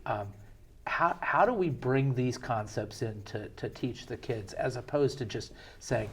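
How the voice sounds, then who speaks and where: A man's voice: medium pitch, animated, unhurried, slight background noise. A middle-aged man hosting an interview show, asking questions and telling anecdotes in a chatty, conversational way. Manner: conversational storyteller, chatty with fillers. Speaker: show host.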